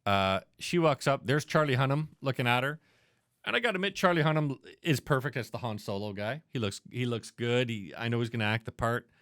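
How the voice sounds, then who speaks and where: A man co-hosting a casual movie podcast, profane, acting out scenes in quick voices. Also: mid-range voice, expressive, a bit bright, dry recording, studio quality. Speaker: podcast co-host. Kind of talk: casual movie review chat.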